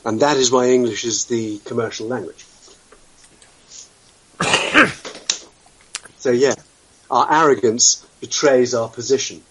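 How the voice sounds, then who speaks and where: A man's voice: medium pitch, fairly even intonation, slow, long pauses, a bit bright, slight background noise, low-quality recording. A man from the UK hosting an internet radio talk show, wry and blunt, throwing out sweeping opinions with the odd swear word. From United Kingdom.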